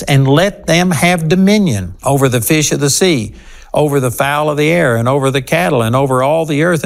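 A man's voice: medium pitch, creaky. A man teaching a sermon on a television program, earnest and emphatic in a conversational way.

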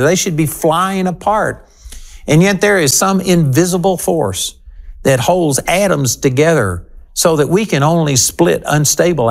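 A man teaching a sermon on a television program, earnest and emphatic in a conversational way. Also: fairly high pitch.

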